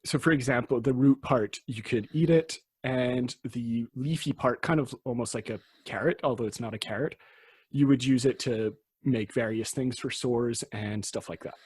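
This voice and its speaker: On a casual history podcast, a male host with a slightly husky, mid-pitched, darkish voice chats and explains at a normal speed, often trailing off and restarting sentences. The recording is dry and close-miked, with no echo.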